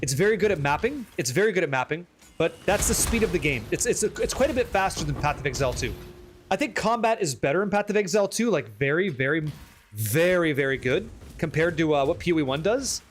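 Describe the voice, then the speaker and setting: High voiced guy streaming, swears a lot, teases chat, bit of faint noise behind. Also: fast. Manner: excitable, profane, teasing chat, reading questions aloud. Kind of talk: live gameplay stream, chatting with viewers.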